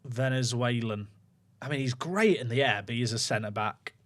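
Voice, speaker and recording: In this casual livestream commentary, the streamer speaks at a normal pace in a medium-pitched, somewhat bright voice. He's playing a football management game and thinking aloud to his audience.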